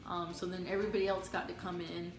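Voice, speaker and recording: A young adult woman chatting in a relaxed way, filling her casual storytelling with "like" and "you know". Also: lowish voice, fast talker. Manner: relaxed, chatty, many fillers. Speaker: vlogger telling her birth story. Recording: echoey room with clear background music.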